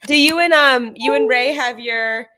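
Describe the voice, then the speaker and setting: A woman's voice: high voice, measured pace, bright, forceful tone. A woman guesting on a podcast, chatting casually and upbeat with lots of "like". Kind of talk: casual chat.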